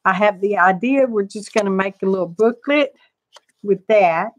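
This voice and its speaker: During a live craft demonstration, the woman hosting this crafting channel rambles homily, speaking both to herself and to her viewers. She has a mid-range voice and talks at a normal speed.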